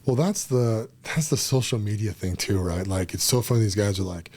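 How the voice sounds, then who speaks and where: A middle-aged man in a casual podcast conversation, talking emphatically and telling animated stories. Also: lowish voice, fairly quick, few pauses.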